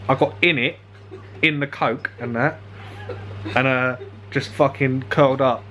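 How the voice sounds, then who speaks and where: A man's voice: medium pitch, steady tone, unhurried, fairly bright tone, slight background noise. A young man telling a rambling story casually, laughing often and swearing freely. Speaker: vlogger.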